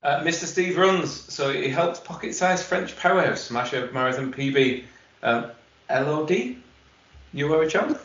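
A man's voice: on the high side, animated, moderate pace, fairly bright tone, reverberant, muffled recording. A man co-hosting a podcast, bantering with dry, teasing remarks. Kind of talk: casual chat.

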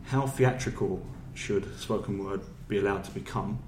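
Low-voiced male panel moderator. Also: reverberant, noisy background. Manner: measured, questioning, hesitant fillers. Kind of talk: panel discussion.

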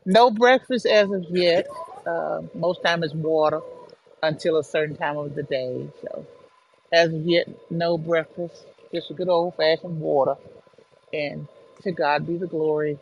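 A man from Northwest Ohio co-hosting a podcast, giving an upbeat, steady morning check-in over a remote connection. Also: fairly high pitch, a little slow, creaky, dull audio. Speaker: podcast co-host, elder.

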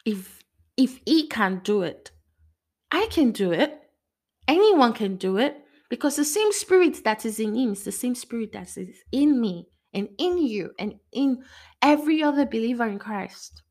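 A young woman hosting a casual faith podcast, excitable and giggly, rambling as she encourages her listeners. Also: on the high side, measured pace. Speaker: podcast host.

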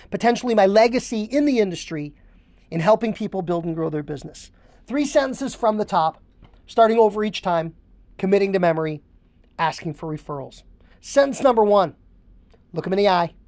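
A woman's voice: medium pitch, darkish tone, no echo. A woman hosting a podcast, coaching haircutters and drilling phrases word for word with emphatic repetition. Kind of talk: instructional podcast monologue.

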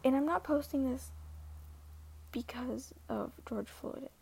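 A woman's voice: high-pitched, takes it slowly, vocal fry, a little mellow, breathy edge. A teenage girl talking earnestly and hesitantly in a casual vlog, often dropping to a half-whisper. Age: teens. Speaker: social media poster.

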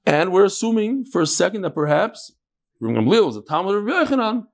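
A man teaching a daily Talmud class, asking questions aloud and mixing untranslated Aramaic and Hebrew terms into his English. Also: fast. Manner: animated, leaps between loud questions and low asides.

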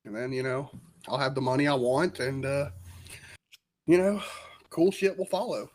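A man's voice: medium pitch, normal speed, darkish tone. A man co-hosting a podcast in casual chat, laid-back and wisecracking, swearing now and then. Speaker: podcast co-host.

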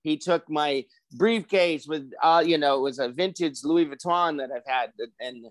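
A lively, slightly high-voiced man telling stories. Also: a little slow, no echo. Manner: animated storyteller acting out quoted voices. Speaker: podcast host. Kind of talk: casual chat.

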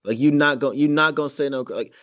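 A man's voice: medium pitch, a bit bright, lo-fi sound. Slangy man hyping up a TV moment. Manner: emphatic, slangy, quick agreeing interjections. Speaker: podcast co-host. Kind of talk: casual chat recapping a TV episode.

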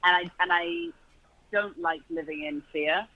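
A man's voice: on the high side, steady tone, measured pace, no room sound, muffled recording. A man with a British accent, chatting as an interview guest, restarting his sentences and laughing easily. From Britain. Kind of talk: casual interview chat.

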